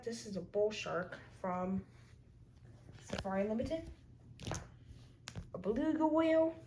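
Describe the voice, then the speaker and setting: A woman's voice: fairly high pitch, a little mellow, a little hiss or hum, poor audio. A woman in a casual show-and-tell vlog, chatting as she lists her figures one by one with short comments. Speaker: toy collector showing her figures.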